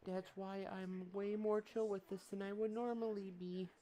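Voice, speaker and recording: A man voicing his fat male pet cat in a high, sing-song, mock-innocent voice. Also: little pitch movement, moderate pace, warm tone, natural voice. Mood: smug.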